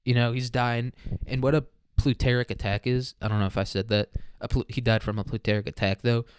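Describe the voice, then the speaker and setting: A man's voice: mid-range voice, little pitch movement, a little fast, slight background noise. A young man hosting a casual solo podcast, rambling, profane and jokey. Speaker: podcast host.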